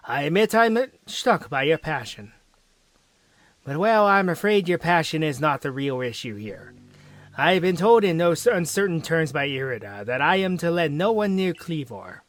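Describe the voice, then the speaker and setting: A man's voice: a little high, sing-song, moderate pace, fairly bright tone, no echo. A man voicing a boastful, proud male clan warden for a game, with pompous, grandiose declarations.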